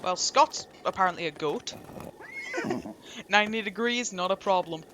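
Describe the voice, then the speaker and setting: A man with an English accent and a high-pitched voice gives rambling, jokey let's-play commentary as a gameplay streamer. He talks a little slowly, and background noise can be heard.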